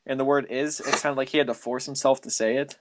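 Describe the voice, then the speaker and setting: A man's voice: mid-range voice, fairly even intonation, fast, very noisy. A man hosting a podcast, telling a story in a loose, rambling way with lots of filler words. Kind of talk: casual storytelling chat.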